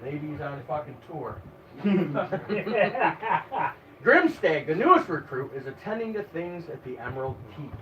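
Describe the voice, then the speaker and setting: A man's voice: a little high, sing-song, a little slow, fairly bright tone. A man running a tabletop game as game master, narrating and chatting in a wry, conversational way. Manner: wry, conversational, laughs often. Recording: echoey, far from mic, phone-like, noisy.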